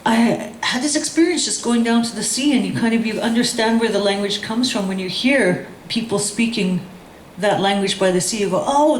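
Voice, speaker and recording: Chatty poet woman in an echoey room. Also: mid-range voice. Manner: rhythmic, chanting, slow and hushed in the poem. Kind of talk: leading a group chant, then casual talk. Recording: echoey room with faint noise.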